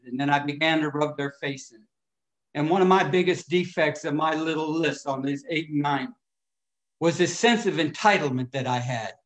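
A middle-aged man sharing his recovery story at a meeting, emotional, swinging between loud and hushed moments. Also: sits high. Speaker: recovery speaker. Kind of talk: AA share storytelling.

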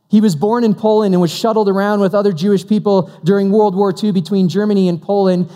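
A man's voice: high-pitched, warm tone. A man preaching a Christmas sermon, conversational and humorous, acting out the dialogue of the story he tells. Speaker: pastor. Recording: long hall reverb.

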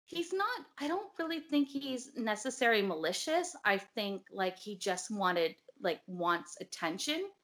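A woman's voice: medium pitch, big pitch swings, a little slow, few pauses, fairly bright tone. A woman in casual chat, telling her story animatedly with lots of filler words and some swearing. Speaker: guest telling a ghost story.

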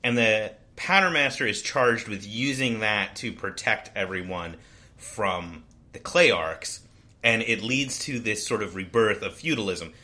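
Podcast co-host, male, fairly low and bright voice, loose and rambling delivery. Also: a little slow. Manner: rambling, with frequent restarts and "like". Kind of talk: casual book discussion.

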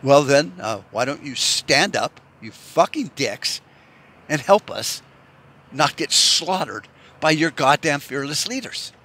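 Male, from the US, profane heated monologue; bright tone, lively pitch. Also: takes it slowly. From United States. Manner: profane, heated, rambling with restarts. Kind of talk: ranting monologue.

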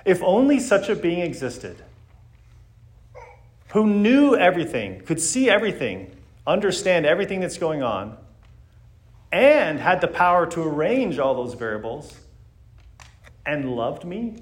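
A man's voice: a little high, very animated, a little slow, long pauses. A man giving a church Sunday school lesson, speaking earnestly and reading scripture aloud with emphasis.

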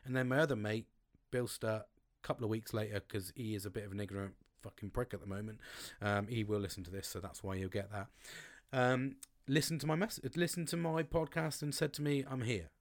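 A man hosting a podcast in a casual monologue, swearing freely and letting his voice swing with feeling. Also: a little fast. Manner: swears often, expressive swings in pitch. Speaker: podcast host. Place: home, outdoors on a sunny afternoon.

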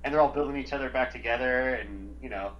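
A man's voice: medium pitch, fast, lo-fi sound. A man in casual conversation, hesitant and full of fillers, laughing often. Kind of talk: casual chat.

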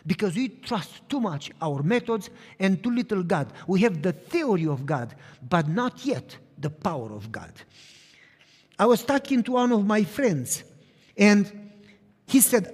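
A middle-aged pastor preaches a sermon in a high-pitched, breathy voice at a measured pace. He tells stories with animation and acts out the dialogue himself. The long reverb of a large hall surrounds the recording.

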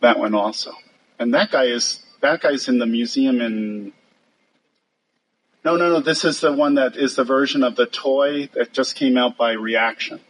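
An older man, a puppet sculptor, telling lively anecdotes over slides with a husky voice, mimicking others and laughing often. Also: mid-range voice, a little slow, rough recording.

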